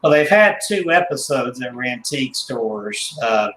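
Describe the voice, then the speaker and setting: A man's voice: medium pitch, lively intonation, normal speed, fairly bright tone. Hesitant man in an echoey room. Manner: hesitant, many fillers and self-corrections. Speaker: guest, doll collector. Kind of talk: casual interview.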